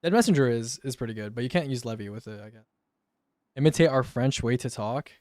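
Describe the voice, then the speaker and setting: A young guy on a live stream talks fast and casually, slangy and relaxed, often dropping "bro." His voice has a typical male pitch and a darkish tone, recorded up close and dry with no echo or room sound.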